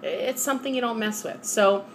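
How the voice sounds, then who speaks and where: A woman's voice: a little high, normal speed, a little hiss or hum. Earnest New York woman vlogging. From New York area. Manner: candid, earnest and motivational. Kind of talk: personal vlog monologue.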